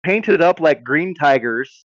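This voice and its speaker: A man's voice: fairly high pitch, animated, slow pace, dry recording, lo-fi sound. A man co-hosting a comedy podcast in casual chat, often breaking into laughter and exclamations. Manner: reacts with bursts of laughter and exclamations. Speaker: podcast co-host.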